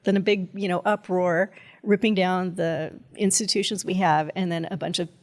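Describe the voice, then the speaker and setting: A woman's voice: fairly low pitch, fairly even intonation, moderate pace. A woman guest on a podcast, a cybersecurity strategist talking in a chatty, rambling way, full of fillers and laughs. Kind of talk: casual conversation.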